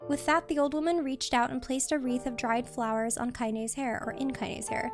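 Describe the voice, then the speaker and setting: High-voiced woman reading a novel aloud. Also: normal speed, few pauses, soft background music. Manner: steady storybook narration. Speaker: streamer.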